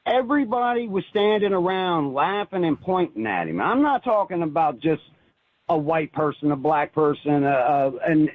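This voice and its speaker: An earnest male caller speaks through a thin, phone-like line. His voice sits a bit high and sounds slightly husky. He halts and restarts often as he tells his story. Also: animated, no echo. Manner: earnest, halting, many restarts. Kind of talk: phoned-in personal testimony.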